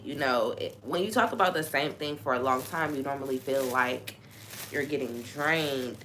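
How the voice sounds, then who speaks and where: Very low-voiced woman venting frankly. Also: moderate pace, a bit bright, slight background noise. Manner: frank and venting, swears freely. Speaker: faith talk host. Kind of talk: casual live-stream talk.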